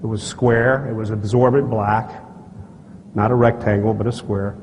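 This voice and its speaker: A man giving a live conference talk, telling a personal story in a blunt, folksy way, acting out dialogue and often clearing his throat. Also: fairly low pitch, normal speed. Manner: animated storyteller who acts out dialogue and gestures; blunt and folksy, with frequent asides to the audience. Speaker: speaker at a conference. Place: stage in a large conference hall. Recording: archival talk, echoey hall, faint noise.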